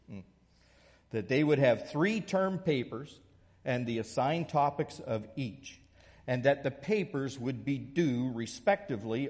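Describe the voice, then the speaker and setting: A man preaching a sermon, moving between a soft prayer and a lively illustration. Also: mid-range voice, long reverb tail. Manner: storytelling, shifts from soft prayer to lively anecdote. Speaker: pastor.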